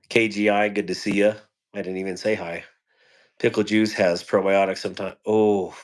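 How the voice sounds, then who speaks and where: A man's voice: lowish voice, level tone, normal speed. A man hosting a casual live stream from home on his phone, greeting viewers by name with rambling, joking asides.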